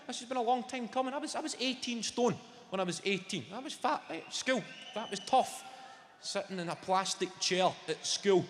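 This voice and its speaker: Brash Scottish comedian, high bright voice. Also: male voice, normal speed, a little hiss or hum. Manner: brash, sweary, animated storytelling. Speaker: stand-up comedian. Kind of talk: stand-up routine. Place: large theatre stage. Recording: echoey live hall with audience.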